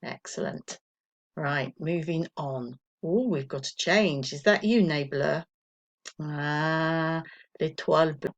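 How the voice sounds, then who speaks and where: Slow, low-voiced woman teacher. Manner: patient and encouraging, counting slowly for pupils to repeat. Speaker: primary school teacher. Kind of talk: recorded remote French lesson for children.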